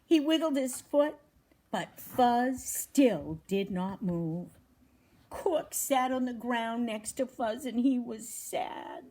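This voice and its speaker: Animated woman reading a kids' story, highish voice, bit breathy, takes her time. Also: slow pace. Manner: animated, asks the audience questions. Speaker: wildlife rescue presenter. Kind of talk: reading a children's story aloud to viewers.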